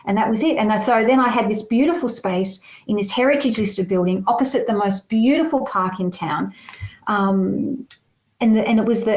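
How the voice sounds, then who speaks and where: A woman talks warmly and at length, a healer telling her story as an interview guest. Her voice sits mid-pitch and sounds roomy, with a slightly muffled, lo-fi quality to the recording. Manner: chatty, storytelling with acted quotes. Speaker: holistic healer, podcast guest. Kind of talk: casual interview chat.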